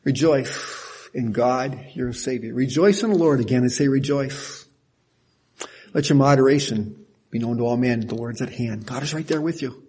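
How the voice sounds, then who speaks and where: An older man preaching a sermon in a folksy, animated way, laughing at himself now and then. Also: mid-range voice, normal speed, slightly rough. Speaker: pastor.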